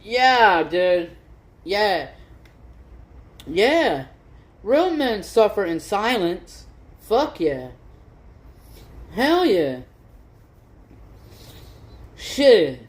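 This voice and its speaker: A woman's voice: medium pitch, big pitch swings, very slow, pauses often. A woman hosting a livestream, giving blunt, opinionated reaction commentary and swearing freely. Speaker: livestream host.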